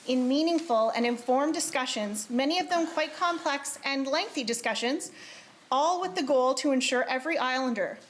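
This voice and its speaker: Woman, committee chair, formal reading, earnest, slightly high pitch. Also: normal speed, slight background noise. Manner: earnest, grows emotional. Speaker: committee chair presenting a report. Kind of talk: formal legislative speech, read aloud. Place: legislative chamber.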